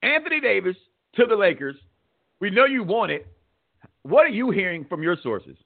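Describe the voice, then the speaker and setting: A man hosts a sports talk show in a lively, swooping voice with a gravelly edge. He rambles and stumbles over repeated words. The sound is thin and tinny, like a phone line. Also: high voice, moderate pace. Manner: animated, rambling, repeats words when thinking. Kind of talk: casual sports radio talk. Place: radio studio.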